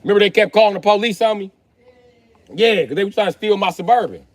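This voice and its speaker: A man streaming live, telling a heated story in a loud, profane rant that breaks into shouting. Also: sits high, quick pace, dry recording. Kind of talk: ranting storytime.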